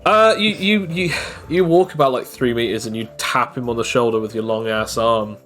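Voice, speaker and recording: A man narrating as game master of a tabletop game, talking quickly and often repeating words as he goes. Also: mid-range voice, fairly bright tone, soft background music.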